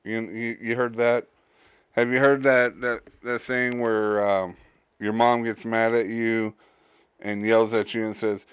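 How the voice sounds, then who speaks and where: A man who is a father hosts his own podcast, talking on his own in a casual, halting way, with many fillers and restarts. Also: medium pitch, flat delivery, smooth, no echo. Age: adult, a father. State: tired, yawning. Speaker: podcast host. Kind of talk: casual solo podcast monologue.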